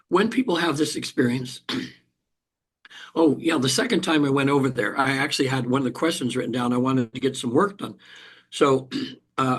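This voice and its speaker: An older man with a husky, breathy voice recounts a personal experience as an interview guest. He speaks in a middle register, stopping and restarting often and clearing his throat between thoughts. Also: mid-range voice. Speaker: hypnotherapist guest. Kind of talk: emotional personal storytelling in an interview.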